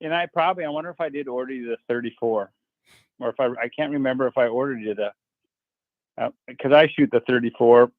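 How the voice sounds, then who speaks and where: A man's voice: medium pitch, fast talker, no room sound. Folksy man rambling over a dull line. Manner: rambling, folksy, restarts sentences. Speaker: outdoor TV show guest. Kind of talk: casual radio interview storytelling.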